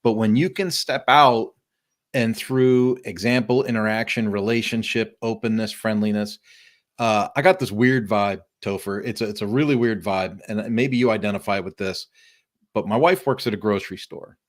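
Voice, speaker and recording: A middle-aged man hosting a casual live-streamed interview, telling lively stories and acting out friendly greetings. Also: lowish voice, normal speed. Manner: animated storyteller, acts out friendly greetings. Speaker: podcast host. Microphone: remote live-stream call.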